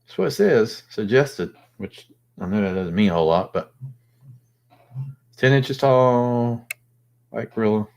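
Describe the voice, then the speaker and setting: A lower-pitched man hosts a loose, casual chat. He rambles and thinks aloud, padding his talk with ums and restarts. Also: lively intonation, measured pace, creaky, pauses often, a little mellow. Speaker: host.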